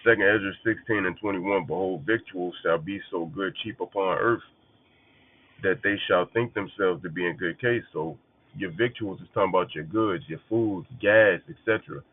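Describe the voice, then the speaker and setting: A man's voice: low voice, normal speed, no echo. A man teaching scripture in a casual, blunt way, often swearing and hammering points by repetition. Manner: blunt, profane, emphatic repetition. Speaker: preacher. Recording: phone-like narrow band.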